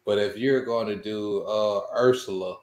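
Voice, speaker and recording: A man's voice: on the low side, fairly even intonation, a little slow, a little mellow, echoey room. A man in his thirties, a podcast co-host, talking in a laid-back, rambling way in casual chat.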